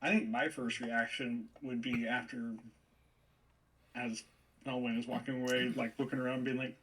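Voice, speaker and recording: A man's voice: medium pitch, flat delivery, moderate pace, fairly bright tone, husky, distant mic. A man playing in a tabletop game, wry and self-mocking. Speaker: player. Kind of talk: casual tabletop play.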